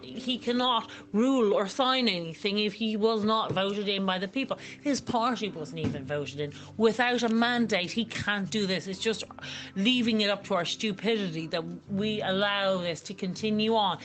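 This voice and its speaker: A woman's voice: mid-range voice, fairly bright tone. A woman with an Irish accent hosting her own radio show, speaking in a fiery, indignant and emphatic monologue.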